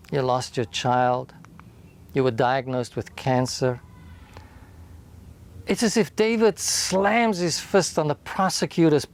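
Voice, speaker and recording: Slow, deliberate male pastor. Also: mid-range voice. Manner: deliberate, emphatic delivery that drops to a quiet close. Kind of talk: short recorded sermon.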